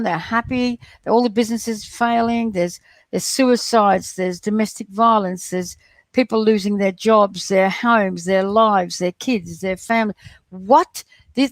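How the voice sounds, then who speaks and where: A middle-aged woman hosting a live stream, talking in a rambling, excitable way and chatting to viewers as she reads their comments. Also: on the high side, no echo. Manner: rambling, excitable, talks straight to her viewers. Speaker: livestream host reading viewer chat. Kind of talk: casual live-stream chat.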